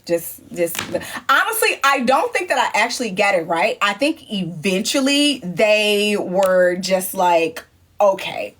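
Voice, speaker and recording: A young woman chatting casually on a phone livestream, telling a story with swearing and high-pitched imitations of other people. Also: sing-song, unhurried, few pauses, fairly bright tone. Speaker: livestream host chatting with viewers.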